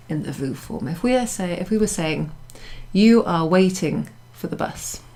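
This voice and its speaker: A woman leads a beginners' class in a small room, explaining each point patiently and repeating every example. Her voice sits a little low. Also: warm tone. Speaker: French teacher. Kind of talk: classroom French lesson.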